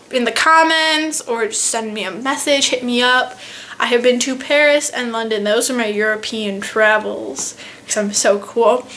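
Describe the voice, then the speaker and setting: A teenage girl vlogging, telling a funny travel story in a casual, animated, self-mocking way. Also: high voice. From United States. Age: teens.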